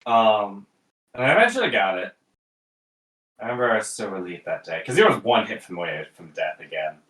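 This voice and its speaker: Casual male co-host, bright forceful voice, roomy room, distant mic, animated storyteller. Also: lowish voice, fairly quick. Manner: animated storytelling with exaggerated asides. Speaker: podcast co-host. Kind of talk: casual family chat.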